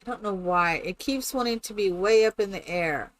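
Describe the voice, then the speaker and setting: A woman's voice: medium pitch, moderate pace. A woman chatting casually and rambling with many fillers while she builds in a game on a live stream.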